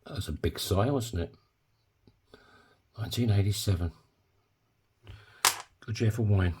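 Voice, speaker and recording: A man's voice: lowish voice, a little slow, dark tone, slightly rough. A man talking casually while making a coin ring in his workshop, full of joking, rambling asides. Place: home workshop.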